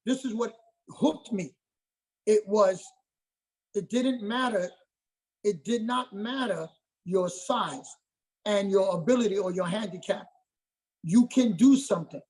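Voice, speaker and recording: A middle-aged man with a husky, slightly breathy voice speaks as a martial arts master in a casual interview. He drives his points home with repetition and keeps asking "okay?" to check that he is followed. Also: sits high, slow, pauses often, a little mellow, low-quality recording.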